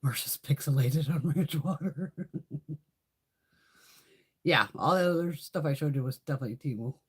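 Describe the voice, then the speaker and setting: A middle-aged woman chatting on a live stream, telling a story in a profane, animated way with a husky voice. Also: low-pitched, normal speed. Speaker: beauty vlogger. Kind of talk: casual live-stream chat.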